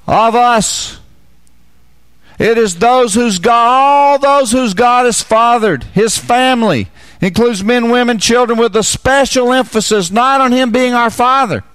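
High-voiced man teaching a sermon. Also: slow pace, a bit bright, clean tone, dry recording. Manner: repeats key phrases, asks the listeners questions. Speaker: preacher.

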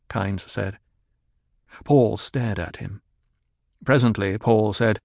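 Steady male audiobook narrator. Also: on the low side, takes it slowly, gravelly, no room sound, studio quality. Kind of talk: scripted narration.

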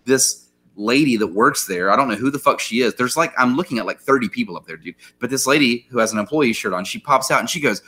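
A man's voice: medium pitch, fast, pushed and bright. A young adult man co-hosting a podcast, telling a story in a heated, profane rant full of fillers. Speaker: podcast co-host. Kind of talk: casual storytelling chat.

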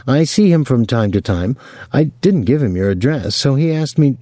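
A man's voice: mid-range voice, expressive, normal speed, dark tone, no echo, clean studio sound, voice pushed up, natural voice. A man reading an audiobook, voicing a reserved teenage boy who answers in short, guarded lines. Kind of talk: audiobook character voice.

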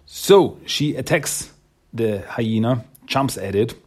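A man's voice: medium pitch, expressive, slow, husky. A man casually retelling a story, rambling and correcting himself as he goes. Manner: rambling, self-correcting, laughs often.

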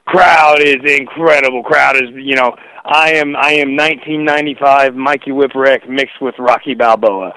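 A man's voice: mid-range voice, fairly even intonation, moderate pace, bright, forceful tone, clean tone, no room sound, rough recording. A young man, a wrestler guest, telling stories in a casual interview, rambling with lots of fillers and "dude".

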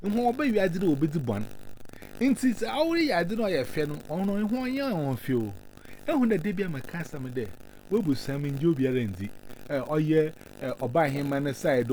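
A man's voice: fairly high pitch, darkish tone, slight background noise. A man giving earnest advice, mixing English words into his talk.

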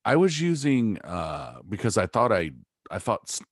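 A man with a very low, deep voice, talking casually and rambling from one thing to the next. He swears offhandedly and laughs easily. The sound is dry and close, with no room around it. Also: big pitch swings, normal speed, husky, no echo. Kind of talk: casual chat.

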